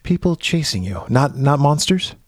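A man voicing a creepy middle-aged uncle who questions a boy in a soft, prying, overly friendly way, read aloud as a film scene. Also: a little high, very animated, moderate pace, dry recording, studio quality. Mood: coaxing.

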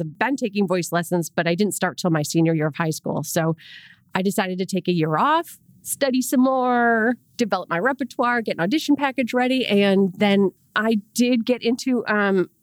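An open, candid woman in her forties with a Rochester, New York accent, speaking at a middle pitch. She tells her story in relaxed conversation, breaking into small laughs between thoughts. The recording is close and dry, with no room sound. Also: normal speed, no room sound. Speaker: podcast guest. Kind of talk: casual interview chat.

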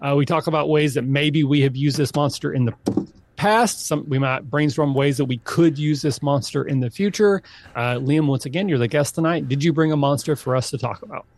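A man hosting a podcast, chatting casually through improv games with animated, high exclamations. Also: brisk, dry recording. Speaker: podcast host. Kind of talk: casual improv game chat.

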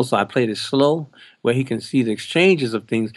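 An older man, a drummer, telling a story in a podcast interview in an animated way and acting out other people's lines. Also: mid-range voice, brisk, no room sound. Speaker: drummer telling of his audition.

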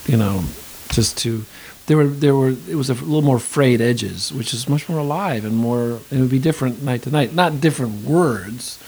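A man's voice: medium pitch, moderate pace, darkish tone, poor audio. A middle-aged male actor and acting teacher in an interview, talking thoughtfully and rambling, with many restarts. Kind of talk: conversational interview. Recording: faint hiss.

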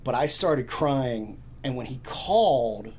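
A man's voice: mid-range voice, lively intonation, slow, a crowd in the background. Rambling male podcast guest. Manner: rambling storyteller, many restarts. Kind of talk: casual chat.

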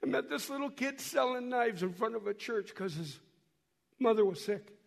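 A high-voiced man speaks to a church in a folksy storytelling way, stumbling over and repeating his words as he shows photos. He is hoarse from a cold. His voice carries a long echo through the church hall. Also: expressive, normal speed. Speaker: missionary guest speaker. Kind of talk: storytelling talk to a church while showing photos.

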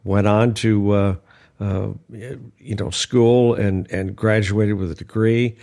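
Reflective low-voiced older man. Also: fairly even intonation, slow, vocal fry, mellow. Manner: reflective, repeats words. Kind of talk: casual chat.

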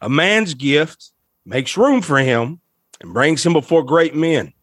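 Male guest storyteller, lively pitch swings, dry close sound, emotional and laughing. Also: slow pace, no echo. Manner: animated, emotional, laughs often. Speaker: guest, musician. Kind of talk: storytelling anecdote.

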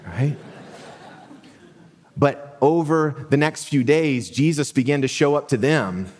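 A man's voice: medium pitch, takes it slowly. Man preaching in a reverberant church. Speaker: pastor. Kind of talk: Easter sermon with scripture reading. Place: church sanctuary.

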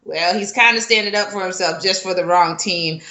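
Opinionated woman podcast co-host, bright voice, roomy echoey sound, casual chat delivery. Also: on the low side, brisk. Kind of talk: casual discussion of a TV episode. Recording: roomy echo.

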